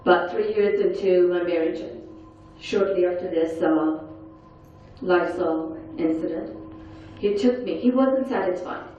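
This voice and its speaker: A woman speaker at a conference panel, telling her own story in an earnest, quiet and intense way. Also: on the low side, unhurried. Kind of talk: personal testimony talk. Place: large conference hall. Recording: echoey, dull hall sound from far off.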